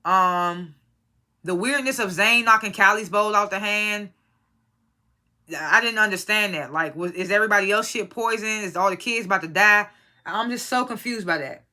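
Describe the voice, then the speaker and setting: Bright-voiced casual TV reviewer. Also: mid-range voice, normal speed. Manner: rambling, profane, incredulous asides. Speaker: TV episode reviewer.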